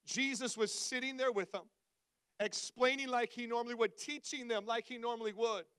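High-voiced pastor telling funny stories. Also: male voice, normal speed, smooth, dry recording. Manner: animated, self-mocking, conversational. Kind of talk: humorous storytelling sermon. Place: church service before a congregation.

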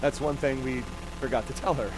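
A man's voice: mid-range voice, steady tone, brisk, noisy background. A man preaching a sermon, telling a personal story and putting rhetorical questions to the congregation. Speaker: pastor.

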